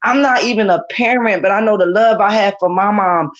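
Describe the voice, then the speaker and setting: A woman's voice: medium pitch, brisk, highs cut off. A woman chiming in on a casual gossip livestream with wry, teasing remarks.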